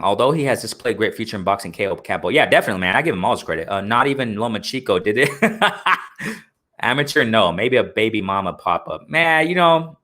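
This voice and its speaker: A man's voice: fairly low pitch, sharp tone. A man hosting a live boxing talk stream, ranting heatedly with slang, repeating himself and answering his chat. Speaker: boxing talk show host. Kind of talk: live-stream commentary and rant.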